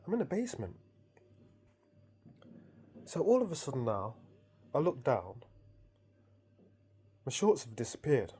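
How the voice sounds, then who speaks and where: A man's voice: mid-range voice, dark tone, husky. A man casually recounting a dream to his viewers, amused and rambling, with frequent restarts. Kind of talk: casual storytelling.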